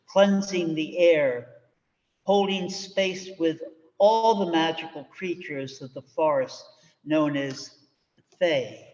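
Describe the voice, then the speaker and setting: Slow-spoken minister in a reverberant church. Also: male voice, a little high. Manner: slow, measured and reflective. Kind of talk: sermon. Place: church sanctuary. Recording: dull recording with long church reverb.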